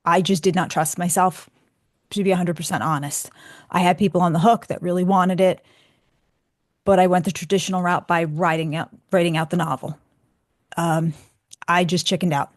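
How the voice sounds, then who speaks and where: A woman's voice: lowish voice, steady tone, moderate pace, pauses often, no room sound, clean studio sound. A woman hosting a radio show, chatting candidly and with feeling as she answers listener questions. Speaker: radio show host and author.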